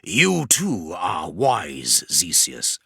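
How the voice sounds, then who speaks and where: A man narrating as a towering demon lord from a sci-fi audiobook, measured and scornful, every word unhurried. The voice swings between low and high and has a bright edge. It is recorded dry and close. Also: huge pitch swings, vocal fry, breathy edge, dry recording, heavily acted. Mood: contemptuous. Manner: slow, deliberate, contemptuous. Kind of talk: audiobook character reading.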